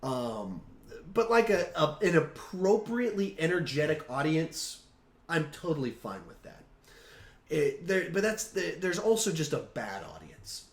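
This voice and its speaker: A fairly high-voiced man hosts a casual live-stream, his pitch leaping around as he restarts thoughts and piles on fillers. The sound is roomy and echoey. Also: measured pace. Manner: animated, trailing restarts and fillers. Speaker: host.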